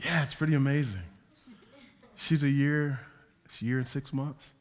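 A man preaching a sermon as a pastor, moving from quiet, slow passages to loud, emphatic ones. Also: mid-range voice, steady tone. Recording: long hall reverb.

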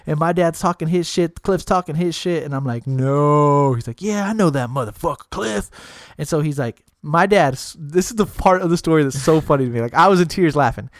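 Man, fairly high voice, profane, animated storyteller, acts out quotes, dry close sound. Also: quick pace, few pauses, no room sound. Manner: profane, animated, jumps into other people's voices. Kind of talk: casual storytelling with acted-out quotes.

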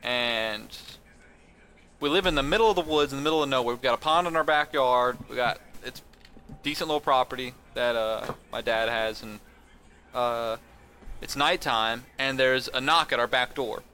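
A man's voice: medium pitch, moderate pace, sharp tone. A man telling a story in casual chat, laying out details step by step.

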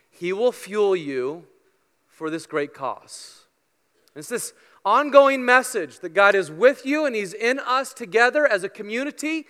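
A man preaching a sermon to his congregation, earnest and emphatic, with playful asides, swinging between loud stressed lines and quiet ones. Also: high-pitched, clean tone, in a large hall. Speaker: pastor. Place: church sanctuary with congregation.

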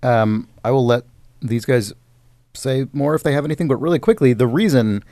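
A podcast co-host reads listener mail in a mellow, mid-range voice with lively intonation and a moderate pace, recorded cleanly in a studio with no echo. He rambles in casual chat, correcting himself as he goes and laughing often.

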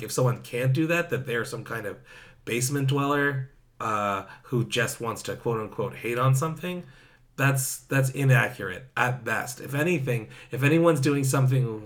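A man's voice: mid-range voice, normal speed, a bit bright. A man co-hosting a podcast, making his case in casual chat with lots of fillers. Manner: argumentative, many fillers like "like". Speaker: podcast co-host.

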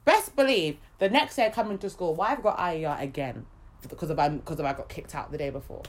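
A young woman, co-hosting a podcast and telling a story in a casual, animated way, swearing freely and acting out other people's lines. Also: low-pitched, quick pace, slight background noise. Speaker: podcast co-host.

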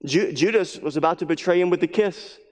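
A man's voice: high-pitched, brisk. Earnest preacher man in a reverberant hall. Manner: earnest, repeats phrases, drops to a hush for emphasis. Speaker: pastor. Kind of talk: sermon.

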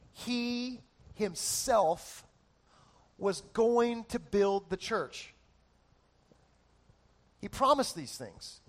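A man preaching a sermon as pastor, animated and joking, building emphasis through lists. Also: high voice. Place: church.

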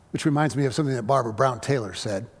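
A man preaching a sermon as pastor, telling stories with frequent restarts and slowing down to stress quoted lines. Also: medium pitch, husky. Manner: storytelling with frequent restarts and slow emphasis on quotes. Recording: long hall reverb.

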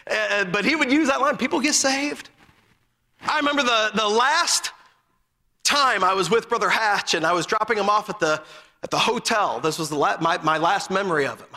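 A man preaching a fervent, story-filled sermon in a strikingly high, piercingly bright voice. Every so often he rises into an emphatic shout, and a long hall reverb trails behind each phrase. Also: normal speed.

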